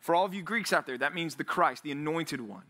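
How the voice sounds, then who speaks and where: A male pastor preaching to a men's Bible study, energetic and animated, acting out quotes and building to near shouts when he urges. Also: fairly high pitch, fairly quick. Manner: acts out biblical quotes in an animated voice. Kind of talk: sermon.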